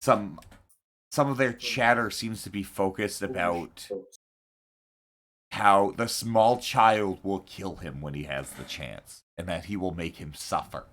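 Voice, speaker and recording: A man's voice: deep voice, slow, a bit bright. A man narrating as game master of a tabletop game, loose and joking. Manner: laughs often, loose and joking.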